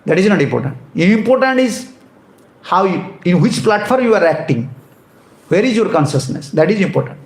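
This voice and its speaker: A man's voice: sits high, big pitch swings, moderate pace, a little mellow, echoey room, rough recording. A man giving a devotional sermon, emphatic and often repeating and restarting phrases. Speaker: monk preacher.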